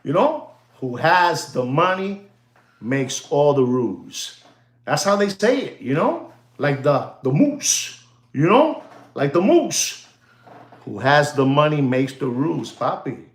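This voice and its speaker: A man's voice: on the high side, very animated, slow. A man casually talking watches and the gold market to his viewers, rambling and repetitive, dropping "you know" and bits of Spanish slang. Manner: chatty, repeats phrases, many "you know"s, slips into Spanish slang; hypes and jokes with the audience, calls them "ladies and gentlemen". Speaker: watch dealer and market commentator. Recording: roomy echo.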